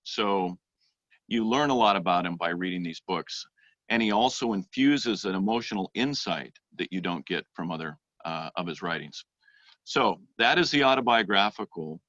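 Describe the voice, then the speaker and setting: A man in a church teaching session speaks in a fairly low, bright, forceful voice. He talks thoughtfully, stopping often to find his words. The sound is dry and dull. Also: expressive, dry recording. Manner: thoughtful, many "uh" pauses, reads passages aloud. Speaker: guest speaker on literature. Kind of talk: church adult education talk.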